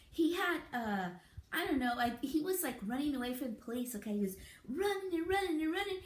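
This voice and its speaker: A woman vlogger casually telling a childhood story, laughing often as she talks. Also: sits high. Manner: giggly, laughing through the story. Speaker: beauty vlogger. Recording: echoey room.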